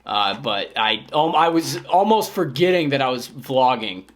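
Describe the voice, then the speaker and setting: A man in his thirties talking casually to camera in a vlog, rambling and self-mocking with sudden loud outbursts. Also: mid-range voice, expressive, normal speed. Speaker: vlogger.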